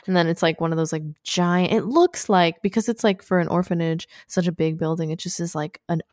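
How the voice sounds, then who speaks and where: A woman's voice: lowish voice, steady tone, a little fast, darkish tone, no room sound, clean studio sound. A young woman co-hosting a podcast, chatting loosely about a film, rambling and often restarting her sentences. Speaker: podcast co-host. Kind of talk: casual chat recapping a film.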